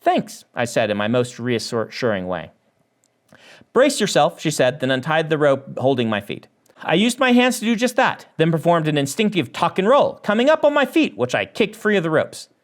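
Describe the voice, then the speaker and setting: Male author reading his own novel aloud, a little high, with a lively, animated delivery. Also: a little fast. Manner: animated reading that lifts the voice for dialogue.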